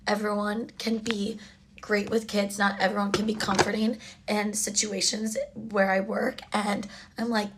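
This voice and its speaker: A woman's voice: medium pitch, little pitch movement, a little slow, noisy background. A young adult woman telling a story in a casual, blunt and chatty way, full of fillers.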